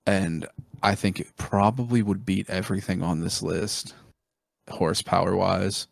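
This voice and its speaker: A man with a low, creaky voice co-hosts a podcast, recorded with no echo. He rambles about cars with casual enthusiasm and swears freely.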